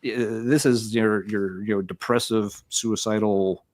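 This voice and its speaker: Low-voiced guy co-hosting a music show, rambly, lots of ums and restarts. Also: steady tone, takes it slowly, a little mellow. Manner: rambling, many fillers and restarts. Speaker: podcast co-host. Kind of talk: casual music review chat.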